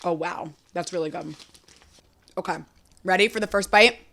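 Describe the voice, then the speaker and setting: A woman's voice: on the low side, normal speed, gravelly, a bit bright. A young woman hosting a casual solo podcast, chatting enthusiastically about food and talking to her cat between bites. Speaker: podcast host. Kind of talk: casual solo chat while eating.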